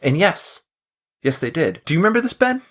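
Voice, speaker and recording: Brisk and a little high in pitch, the man hosting this casual podcast trivia game keeps things jokey. He laughs often and delivers questions with animated quizmaster energy.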